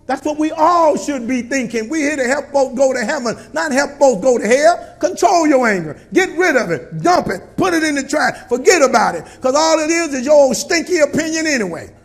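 High-pitched preaching man. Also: lively intonation, fairly quick, hardly any pauses. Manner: call-and-response preaching, colloquial, rising to shouts. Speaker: pastor. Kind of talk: sermon.

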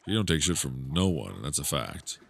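Deep-voiced joking gamer man. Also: sing-song, normal speed, gravelly, breathy edge. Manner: joking, rambling, laughs often. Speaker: gaming YouTuber. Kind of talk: casual let's-play commentary.

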